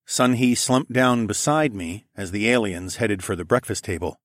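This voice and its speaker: A man's voice: fairly low pitch, moderate pace, a bit bright, dry recording, studio quality. A man narrating a first-person science fiction audiobook.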